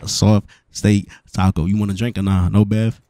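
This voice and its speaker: A young man with a New York accent, slangy and relaxed, roleplaying a date while sounding sick and stuffy. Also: on the low side, moderate pace. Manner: slangy, repeats "you feel me". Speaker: streamer playing a character. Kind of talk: casual roleplay chat.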